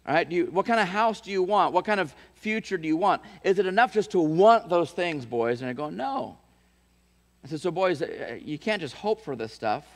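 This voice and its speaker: A man's voice: on the high side, long reverb tail. A man preaching a sermon as pastor, telling a story with restarts and repeated words, and building to emphatic calls to his church.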